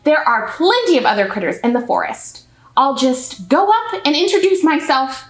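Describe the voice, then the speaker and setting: A woman voicing an eager, cheerful little girl in a storybook reading, with a bouncy, excited manner. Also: sits high, moderate pace. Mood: chirpy. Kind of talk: storybook character voice. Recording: echoey room, faint music.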